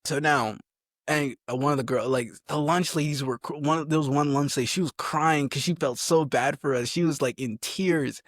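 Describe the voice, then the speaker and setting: A young adult man, a soldier, telling stories in a casual, animated way, laughing often and acting out what people said. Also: fairly high pitch, normal speed, dry recording, clean studio sound. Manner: animated, laughing, acts out quotes. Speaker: army soldier, podcast guest. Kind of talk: casual storytelling chat.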